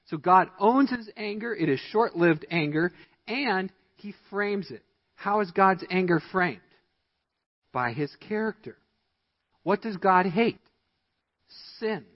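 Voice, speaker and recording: A man preaching a sermon as pastor, stressing his points with emphatic, rising delivery. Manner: emphatic preaching with rising pitch on key lines. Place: church sanctuary. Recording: dull, echoey church recording.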